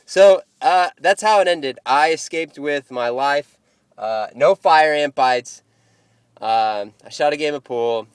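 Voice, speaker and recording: A man's voice: on the high side, a little slow, no echo. A young man vlogging about golf, telling a long story in a casual, rambling way and acting out who said what. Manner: rambling, animated, quotes people in dialogue.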